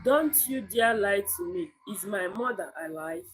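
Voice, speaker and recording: A woman reading the part of a defiant, angry young village man in a story read aloud, speaking slowly and deliberately. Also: mid-range voice, animated, soft background music, natural voice, rough recording. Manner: slow, deliberate reading of the lines.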